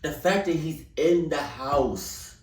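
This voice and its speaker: A man hosting a reaction video, talking in a casual, animated way, stammering and repeating himself. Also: fairly high pitch, takes it slowly. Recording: echoey room, mic at a distance.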